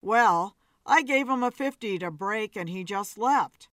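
In a storybook reading, a woman plays a prim, fussy gentleman who speaks politely and a little plaintively. The delivery is slow and unhurried, and the recording sounds close and dry. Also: medium pitch, expressive, no echo, close to an everyday voice. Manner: polite, slightly whiny. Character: fussy bespectacled man in bow tie.

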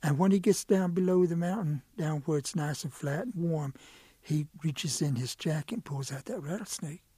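A middle-aged man spins folk tales in a playful, rhythmic way, now and then stumbling over a word. His voice is fairly high with a slight huskiness. The sound is dry and close. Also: normal speed, dark tone, slightly rough, no room sound. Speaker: storyteller. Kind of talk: oral storytelling.

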